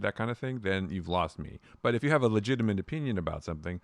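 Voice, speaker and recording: Deep-voiced man musing in a dry room. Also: lively intonation, fast talker, hardly any pauses, no room sound. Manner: musing, rambling, hedging opinions. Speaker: podcast co-host. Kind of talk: casual chat.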